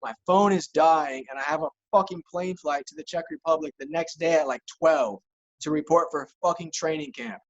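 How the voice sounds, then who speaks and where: His voice a little high and fairly quick, the podcast guest, a young hockey player who also raps, tells a wild story on audio missing its highs. It's loose, profane storytelling packed with "like."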